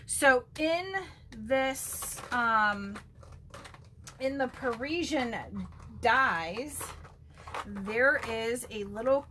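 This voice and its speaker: Chatty woman, bright voice, slow unhurried talk, faint room noise, craft demo. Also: on the high side. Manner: bubbly, gushing, chatty with frequent ums. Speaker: stamping demonstrator.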